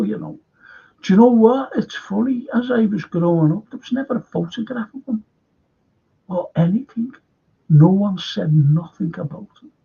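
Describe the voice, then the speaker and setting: This older man's Liverpool-accented voice is high, mellow and slightly rough, with vocal fry. Hosting a live fan stream on dull lo-fi audio, he chats casually, reads out comments and wanders through anecdotes with restarts.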